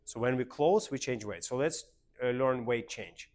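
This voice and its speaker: A man's voice: mid-range voice, animated, moderate pace. Man teaching dance with a Russian accent. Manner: counts steps aloud, coaching a class. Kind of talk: dance lesson instruction.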